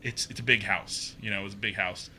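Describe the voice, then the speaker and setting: Bright-voiced man telling a story. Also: on the low side, fast, slight background noise. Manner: animated, acts out quoted voices, many fillers. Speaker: podcast guest, haunted maze builder. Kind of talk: casual storytelling.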